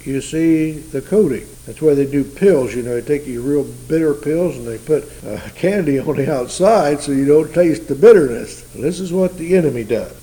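A man's voice: on the high side, dark tone, low-quality recording. A man preaching a sermon in a folksy, conversational teaching style, asking his listeners rhetorical questions.

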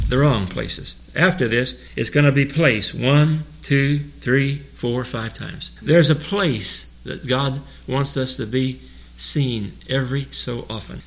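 An older man teaching through a Bible passage verse by verse, chuckling often, mixing homespun asides with slow scripture reading. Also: a little high, fairly bright tone, poor audio.

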